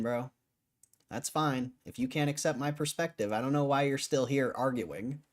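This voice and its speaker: A man on a live stream, arguing with his chat in a casual, cussing way, tired after hours on air. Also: mid-range voice. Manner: argumentative, swears, laughs between lines. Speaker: livestreamer.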